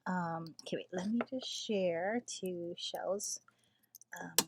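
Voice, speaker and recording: A middle-aged woman chatting on a late-night live stream from her garage craft space, talking softly and often slipping into a whisper, with lots of fillers. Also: lowish voice, takes it slowly, gravelly, noisy background. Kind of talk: casual live-stream chat.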